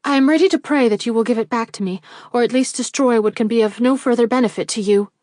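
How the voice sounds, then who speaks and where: A woman's voice: fairly high pitch, fast talker, a little mellow, no echo, studio quality, lightly acted. A woman voicing a distressed young woman pleading in guilt, with a tremulous voice.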